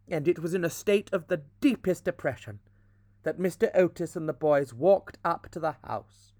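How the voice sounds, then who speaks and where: A man reading a classic story aloud as a podcast storyteller, with expressive, dramatic narration. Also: on the high side, dry recording, studio quality.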